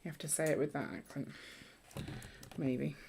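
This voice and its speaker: Woman, lowish voice, chatty storyteller, faint hiss behind. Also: fairly even intonation, normal speed, vocal fry. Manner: chatty, storytelling, laughs easily. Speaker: co-host of a Lego build livestream. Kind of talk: casual chat while building.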